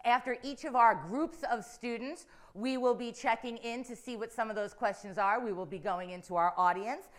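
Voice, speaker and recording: Female emcee, slightly high voice, playful and chatty, works the crowd at a live event. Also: normal speed, few pauses.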